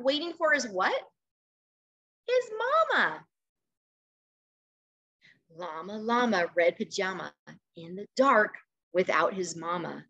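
A woman teacher reading a picture book aloud to children over a video call, expressive and coaxing, pausing to ask questions. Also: medium pitch.

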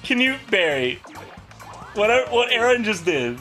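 A man with a high, animated voice riffs and jokes during a gaming session, tossing out silly noises. Music plays clearly behind him. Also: moderate pace. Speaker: let's play co-host. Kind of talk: casual gaming banter.

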